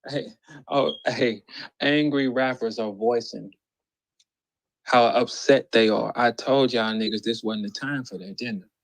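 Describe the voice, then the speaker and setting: A man's voice: medium pitch, steady tone, measured pace, no room sound. Profane ranting man, dry close sound. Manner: profane, incredulous, mocking, shouts quoted lines. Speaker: battle rap commentator. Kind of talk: heated ranting monologue.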